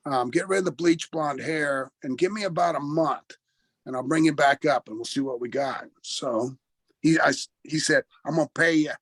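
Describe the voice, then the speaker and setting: An older man, a former wrestler, telling a story in an interview in an animated, anecdotal way, acting out the voices of the people he quotes and chuckling often. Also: fairly high pitch, moderate pace, no room sound, poor audio. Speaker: retired wrestler guest.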